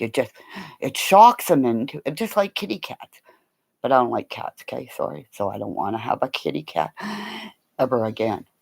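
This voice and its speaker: Older woman, livestream chatter, unhurried and animated, rambling stories. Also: very deep voice, creaky, slightly rough, low-quality recording. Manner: rambling storytelling, swings between loud exclamations and soft whispers to her dog. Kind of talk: casual livestream chat.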